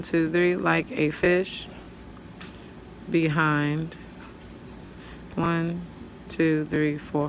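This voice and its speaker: A woman teacher patiently walking students through writing a poem, counting syllables aloud and thinking out loud as she writes. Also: on the low side, slight background noise. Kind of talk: step-by-step poetry lesson.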